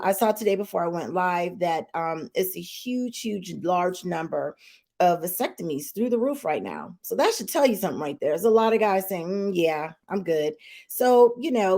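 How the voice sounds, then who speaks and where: A woman's voice: on the low side, a little mellow. A woman hosting a podcast, talking straight to her viewers in an outspoken, emphatic way and repeating her points. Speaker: podcast host. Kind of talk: casual opinion talk to viewers. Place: live online stream.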